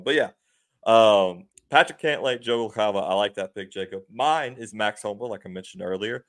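A man's voice: medium pitch, normal speed. A man hosting a sports podcast, recapping games in an upbeat, laughing way with many fillers. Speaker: podcast host. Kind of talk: casual sports chat.

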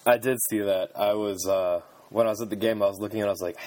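A man's voice: lowish voice, fairly quick, hardly any pauses, darkish tone. A man co-hosting a podcast, talking sports casually and hesitantly, with many fillers and restarts. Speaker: podcast co-host.

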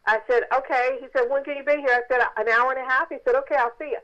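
Animated woman storyteller on a phone line. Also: sits high, fast. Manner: animated storyteller acting out quoted voices. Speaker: author and interview guest.

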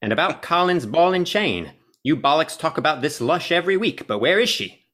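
A man's voice: a little high, big pitch swings, fairly quick, fairly bright tone, pitched above the performer's own voice. A man reading a listener review aloud, putting on a clumsy British accent as a cheeky male fan.

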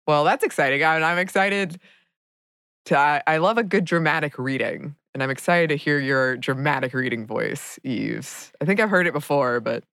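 A woman's voice: deep voice, moderate pace, fairly bright tone, clear, resonant tone, no room sound, studio quality. A woman co-hosting a podcast, chatting in an enthusiastic, playful way. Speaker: podcast co-host and voice actor. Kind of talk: casual podcast chat.

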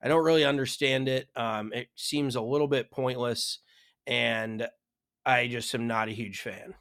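A man's voice: medium pitch, fairly even intonation, measured pace, gravelly, fairly bright tone, no echo, clean studio sound. A man co-hosting a golf podcast, talking frankly and casually, with some swearing and self-mockery. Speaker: podcast co-host.

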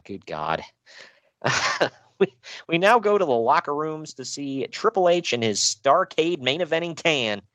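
A man co-hosting a casual podcast chat, recapping wrestling shows in an animated, joking way with frequent laughs. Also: measured pace, no echo. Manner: animated, laughing, swearing, jumps in pitch.

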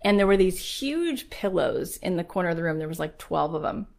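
A middle-aged woman podcast host giving a motivational talk, telling a story softly and then urging listeners on with rising intensity. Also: on the low side, expressive, brisk, vocal fry. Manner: storytelling, soft and hushed at first, then rising to urgent, pleading exhortation.

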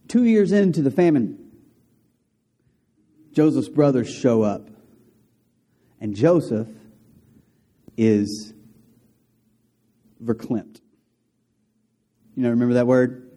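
A man preaching a sermon to a congregation, telling a story in a conversational, animated way with asides to the listeners. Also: mid-range voice, takes it slowly, long pauses. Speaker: pastor.

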